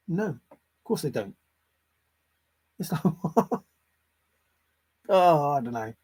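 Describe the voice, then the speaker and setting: High-pitched and warm, this vlogger speaks unhurriedly with long pauses as he narrates a treasure hunt alone and without a script. His tone is sarcastic and fed up, and he swears and repeats phrases to stress them.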